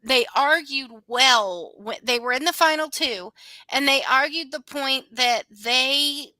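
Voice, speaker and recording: A woman's voice: high voice, slow pace, sharp tone, no room sound, rough recording. A woman co-hosting a casual podcast chat, blunt and opinionated.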